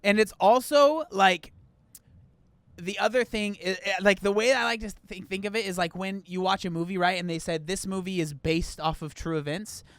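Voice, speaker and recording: A man's voice: high-pitched, normal speed, a bit bright, no room sound. A man rambling and chatting casually as he comments on clips in a reaction video. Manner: rambling, chatty, restarts often.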